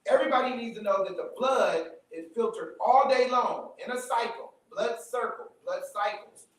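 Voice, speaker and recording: A man's voice: very high voice, normal speed. A man giving a live lecture to a room audience, emphatic, repeating his points and checking in with the listeners. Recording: very echoey room, mic from far off.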